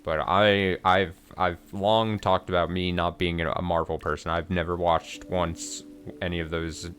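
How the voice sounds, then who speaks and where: A man's voice: low-pitched, level tone, unhurried, fairly bright tone, clean tone. A man giving casual let's play commentary, with wry, muttering, self-mocking asides as he plays.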